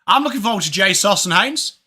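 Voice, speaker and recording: English bloke on a live footy stream, chatty, high bright voice, shouts out to chat by name. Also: male voice, lively intonation, a little fast, slightly rough. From England. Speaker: watch-along streamer.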